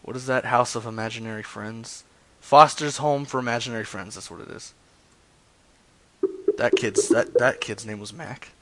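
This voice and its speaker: A man runs a loose prank-call show, his voice pitched at an ordinary middle height. He jokes crudely, rambles and lets his sentences trail off into mutters. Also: normal speed, fairly bright tone, a little hiss or hum. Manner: crude, joking, trails off into mumbles. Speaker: prank caller hosting a call-in stream. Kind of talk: casual rambling chat with prank calls.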